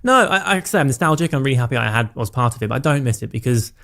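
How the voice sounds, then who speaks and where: A man, a podcast guest talking candidly and reflectively, with many fillers and quick asides. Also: medium pitch, lively intonation, creaky, fairly bright tone. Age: 30s. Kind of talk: casual conversational interview.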